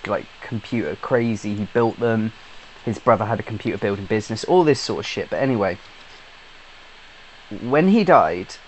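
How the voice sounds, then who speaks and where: A man's voice: medium pitch, slight background noise, poor audio. A British man, a YouTube gamer, giving a casual rambling update, chatty and swearing freely with lots of fillers and restarts. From Britain.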